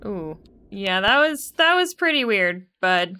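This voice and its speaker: A woman's voice: medium pitch, very animated, a little slow, bright, forceful tone, clean tone. A young woman streamer giving casual, joking gameplay commentary, swearing freely and talking to her chat.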